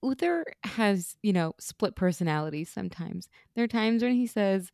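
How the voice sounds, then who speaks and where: A woman's voice: mid-range voice, lively intonation, normal speed, hardly any pauses, a little mellow, no echo, studio quality. A woman co-hosting a podcast in casual chat, making wry, sarcastic quips. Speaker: podcast co-host.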